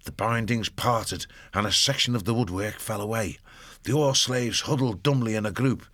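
A man narrating an audiobook in a steady storytelling manner. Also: lowish voice, moderate pace.

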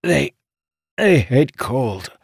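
A wounded male conjurer pushes out halting, strained words, pitched a little above the teller's own gravelly voice, as a male narrator puts him on. The sound is dry and close. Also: lively intonation, no room sound. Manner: strained, halting through pain.

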